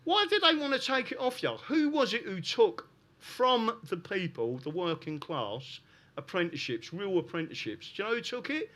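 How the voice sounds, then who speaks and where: Emphatic South London man, bright voice. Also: high voice, big pitch swings, moderate pace. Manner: emphatic, keeps adding "right?". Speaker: guest speaker. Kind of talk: live podcast talk to an audience.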